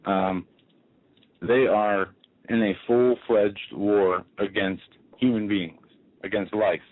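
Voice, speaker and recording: A man with a low voice co-hosts a talk radio show, laying out his points assertively and stringing examples together. His voice comes through a narrow, phone-like channel. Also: steady tone, takes it slowly, no echo. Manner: assertive, declarative, runs through lists. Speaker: radio co-host. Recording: tinny phone-line sound.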